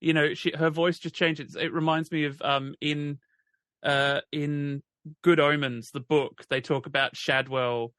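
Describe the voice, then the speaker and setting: Male co-host, slightly high, bright voice, eager casual talk. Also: little pitch movement, measured pace, clean tone, no room sound. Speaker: podcast co-host. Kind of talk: casual chat.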